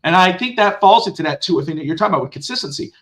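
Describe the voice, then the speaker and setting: A man co-hosting a casual sports podcast, animated and cursing, acting out quotes. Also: racing. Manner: animated, swears, acts out quotes in a high excited voice. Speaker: podcast co-host.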